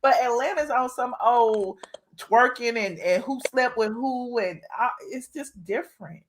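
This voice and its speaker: A woman's voice: fairly high pitch, unhurried, slight background noise, low-quality recording. A woman hosting a live call-in show, chatting in a gossipy, slangy way. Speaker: livestream host. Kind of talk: casual live show chat.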